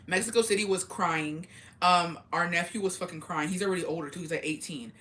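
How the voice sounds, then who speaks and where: On her vlog, a young woman swaps family stories in a relaxed chat, swearing and laughing a lot. Her voice sits lowish and sounds brisk and a bit bright.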